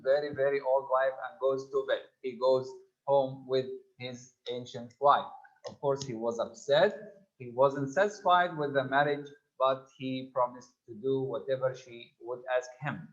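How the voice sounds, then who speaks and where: A man's voice: mid-range voice, unhurried, dull audio. A man teaching literature, reading a verse tale aloud line by line and then explaining it in plain words, with many hesitations and self-corrections.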